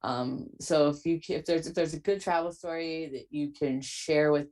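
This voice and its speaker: Low-voiced woman podcast host. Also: fairly even intonation, normal speed, a little mellow. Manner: reassuring, chatty with fillers. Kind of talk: casual interview chat.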